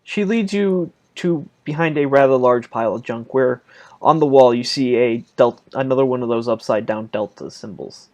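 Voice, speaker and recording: A man running a tabletop game as game master, narrating in a casual, halting way. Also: medium pitch, a little mellow.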